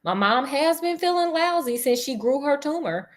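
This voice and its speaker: A woman's voice: high-pitched, lively intonation, moderate pace, voice pushed up. A woman voicing an evasive teenage schoolgirl in a storybook reading, talking in a defensive way.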